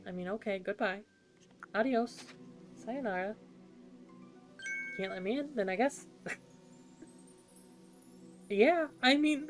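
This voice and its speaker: An excitable woman chats her way through a game stream, joking at her own expense. Her voice sits somewhat high, and game music is clearly heard behind her. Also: slow, long pauses. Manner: chatty, excitable, self-mocking. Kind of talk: casual game commentary.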